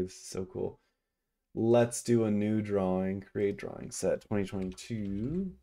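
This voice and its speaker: A young man thinks aloud through stock charts in a loose, chatty screen-share commentary. His voice sits a little low, and he takes his time, with plenty of ums and little bursts of excitement. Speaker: stock market vlogger.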